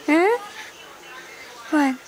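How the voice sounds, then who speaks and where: A Filipino-accented woman coos to a baby in a high, unhurried voice, coaxing him with one soft question after another. The home camcorder catches plenty of background noise. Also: animated. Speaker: parent filming a baby. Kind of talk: baby talk to an infant.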